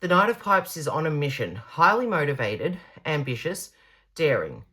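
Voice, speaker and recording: A woman's voice: deep voice, very animated, moderate pace, fairly bright tone, slightly rough. A woman giving a pick-a-card tarot reading, gushing and reassuring, stretching out her emphatic words.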